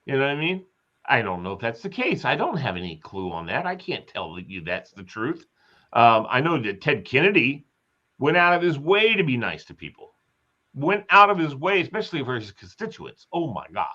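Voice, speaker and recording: A man's voice: medium pitch, sing-song, moderate pace, pushed and bright. A man hosting a casual live chat, telling rambling stories and acting out quotes. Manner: rambling storyteller, chatty, acts out quotes. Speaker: host. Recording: slightly dull lo-fi sound.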